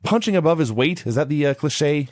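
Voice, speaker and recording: A man's voice: a little high, lively intonation, fairly quick, a little mellow, dry recording, clean studio sound. A man co-hosting a casual podcast, recapping old matches and promos play by play in a chatty way. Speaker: podcast co-host.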